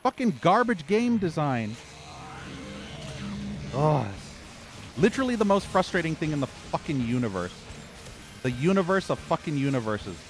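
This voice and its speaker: A man's voice: fairly high pitch, very animated, normal speed, a little hiss or hum. A man streaming a horror game, ranting with angry, profane commentary and exasperated sighs as he plays. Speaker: gaming streamer.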